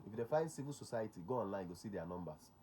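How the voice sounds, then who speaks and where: A man's voice: fairly low pitch, animated, very fast, warm tone, slight background noise. A man with a Nigerian accent, a security consultant hosting a talk show. He speaks emphatically, repeats his key points and slips into Pidgin.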